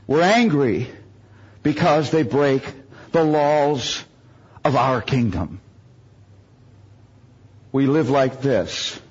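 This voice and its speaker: A man's voice: medium pitch, lively intonation, very slow, pauses often, husky, highs cut off. A man from the United States preaching a sermon, telling humorous stories and making self-mocking jokes.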